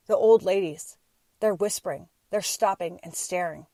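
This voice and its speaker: Woman quoting a calm, deadpan husband. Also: on the low side, normal speed, dry recording, lightly acted. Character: flat, literal-minded husband, middle-aged man.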